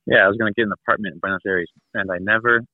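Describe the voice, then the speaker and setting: Racing along in a fairly low, steady tone, this thirty-something guest comes through a dry, tinny phone line. His long travel story rambles, punctuated by laughter and impressions of the people in it.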